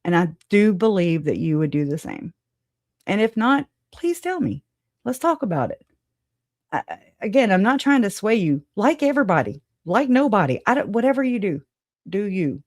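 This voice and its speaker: A woman's voice: medium pitch, very animated, moderate pace, no echo, studio quality. A woman hosting a true crime reaction show, talking bluntly and emotionally, swearing and restarting her sentences. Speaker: true crime commentary host. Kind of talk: heated reaction commentary.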